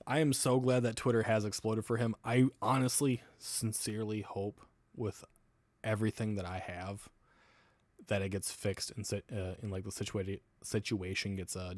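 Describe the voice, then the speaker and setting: A man's voice: lowish voice, fairly even intonation, moderate pace, no echo. A man hosting a casual livestream, rambling between topics while answering viewer comments and laughing often. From US South. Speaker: livestream host.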